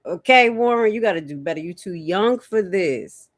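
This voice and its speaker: A woman hosting a livestream, chatting casually to her viewers and reacting out loud to interview clips. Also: mid-range voice, animated, moderate pace, dry recording, studio quality. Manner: chatty, reacts loudly, talks to her chat. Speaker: livestream host.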